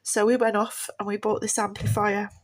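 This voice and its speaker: A woman's voice: medium pitch, level tone, moderate pace. Heartfelt mother telling a story. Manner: heartfelt, rambling, repeats herself. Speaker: mother sharing a family story. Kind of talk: casual personal storytelling.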